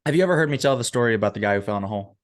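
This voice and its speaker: A man's voice: mid-range voice, expressive, very fast. A man, a motivational speaker and coach, telling a story as a podcast guest, emphatic and often checking in with the listener.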